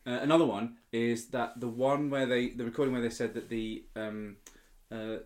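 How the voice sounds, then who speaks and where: A man co-hosting a podcast in casual chat, explaining points in a measured way with frequent hesitations. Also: mid-range voice, little pitch movement, a little mellow. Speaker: podcast co-host.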